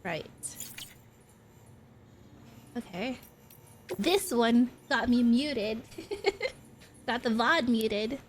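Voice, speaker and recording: Slightly high-voiced woman streaming a game. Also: extremely slow, slight background noise. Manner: reads in-game text aloud, breaks off to comment and laugh. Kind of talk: casual live-stream commentary.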